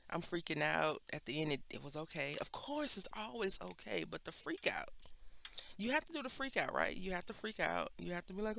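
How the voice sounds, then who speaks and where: A woman's voice: fairly low pitch, a little fast, gravelly. A woman with a Texan accent chatting casually and rambling through a craft video, sometimes dropping into a whisper. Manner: chatty, rambling, animated asides. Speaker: craft vlogger. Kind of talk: casual chat while stamping.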